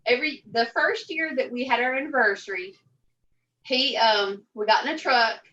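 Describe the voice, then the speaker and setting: A woman's voice: on the high side, moderate pace, sharp tone, distant mic, lo-fi sound, slight background noise. A woman telling a blunt, salty story in casual chat, laughing at her own punchlines.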